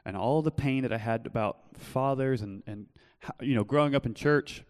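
A young man preaching earnestly in a church, telling his own story and then pleading gently with listeners. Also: mid-range voice, moderate pace, clean tone, in a large hall. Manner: earnest, shifts from loud storytelling to soft pleading. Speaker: pastor. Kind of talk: sermon with personal testimony. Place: church hall.

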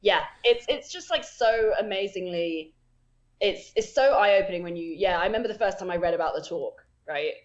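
A young woman co-hosting a casual chat, telling a story in a lively way with lots of fillers and quotes of herself. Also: medium pitch, normal speed, highs cut off. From England. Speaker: podcast co-host.

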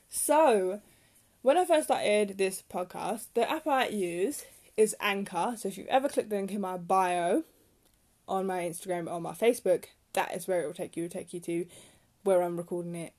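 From her bedroom, a young woman hosts her own podcast, chatting casually in a rambling, self-deprecating solo style. She speaks at a normal speed with a medium-pitched, slightly mellow voice.

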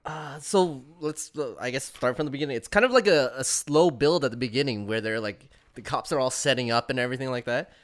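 A man in his thirties co-hosting a casual podcast about movies, animated and laughing as he talks, often restarting his sentences. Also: medium pitch, fairly quick. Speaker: podcast co-host. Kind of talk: casual film discussion chat.

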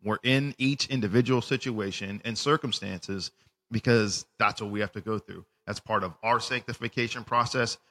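Animated man talking faith, roomy sound. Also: fairly low pitch, normal speed. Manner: animated, acts out voices in retellings, restarts words. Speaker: podcast co-host. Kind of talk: casual faith discussion with scripture reading.

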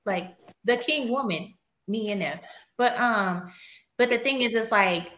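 Bright woman chatting in an echoey room. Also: a little high, a little slow. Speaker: podcast guest. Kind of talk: casual podcast chat.

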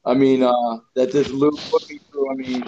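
A man in his forties, a strength coach being interviewed, telling loose, profane stories in a rambling, animated way. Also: medium pitch, normal speed, highs cut off, a little hiss or hum. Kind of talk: casual storytelling interview.

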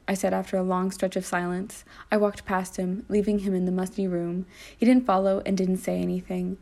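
Gravelly woman reading a story aloud. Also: medium pitch, flat delivery, brisk, mellow. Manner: dramatic reading, with small slips and restarts. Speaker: reader of her own story. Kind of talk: first-person story reading.

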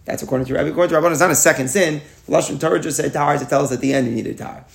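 Fast, gravelly Talmud teacher. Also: male voice, fairly high pitch. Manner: explains aloud with rhetorical questions, mixes Hebrew and Yiddish terms. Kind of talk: daily Talmud class lecture.

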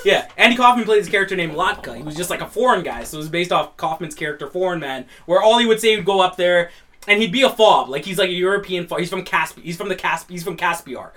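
High bright-voiced young man. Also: quick pace. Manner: swearing, animated storyteller who bursts into loud laughs. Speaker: podcast co-host. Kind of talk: casual chat.

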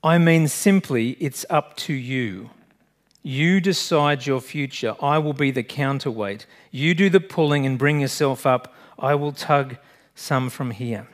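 A man voicing a frustrated traveler on a bridge who yells in exasperation and later speaks slowly and firmly. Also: medium pitch, close to an everyday voice. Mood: calm, firm. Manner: yelling in frustration, then slow and measured. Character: frustrated male traveler on a bridge, torn, then calmly firm.

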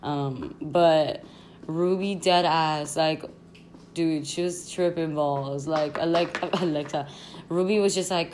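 A woman's voice: deep voice, unhurried, noisy background. A young woman hosting a podcast, telling a rambling storytime at home in a casual, slangy way with frequent laughs. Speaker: podcast host. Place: her home.

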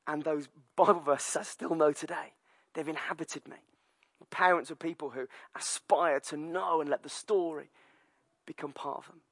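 A British man in his thirties preaching a sermon with personal stories, lively and filler-heavy. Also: on the high side, moderate pace, dry recording. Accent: British English. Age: 30s. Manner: storytelling, lively, many fillers. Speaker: pastor.

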